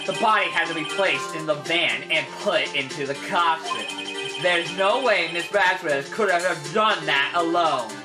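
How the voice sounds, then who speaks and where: A woman's voice: low voice, a little slow, distant mic, voice pushed down. A woman reading the part of an earnest young male defense lawyer, steadily laying out his reasoning. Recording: echoey room with game music.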